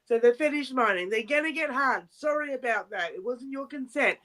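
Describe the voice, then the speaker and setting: A woman chatting as a stream guest, with a slightly high voice. She talks bluntly and emphatically, and she swears without hesitation. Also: animated, fairly quick, a bit bright. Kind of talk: casual chat.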